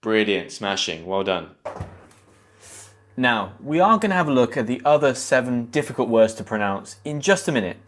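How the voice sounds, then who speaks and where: A man's voice: medium pitch, sing-song, moderate pace, fairly bright tone, slight background noise. A man with a British accent teaching English pronunciation, enunciating carefully and encouraging learners to repeat words. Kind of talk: scripted online lesson.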